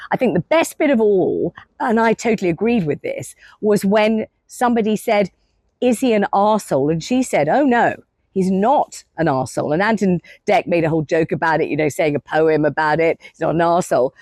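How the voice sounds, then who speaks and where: An older woman in her sixties talks through reality TV in a chatty, gushing way, piling up repeated words for effect. Her voice sits low, and the recording is close and dry. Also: a little mellow, dry recording. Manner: chatty, gushing, dramatic repetition. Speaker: TV commentator. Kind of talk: casual reality TV commentary.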